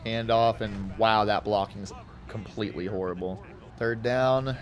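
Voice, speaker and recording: A man from Houston giving casual, rambling commentary as he plays a football video game, with excited outbursts and side chatter. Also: fairly low pitch, measured pace, highs cut off, faint music behind. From Houston, Texas. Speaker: gaming YouTuber.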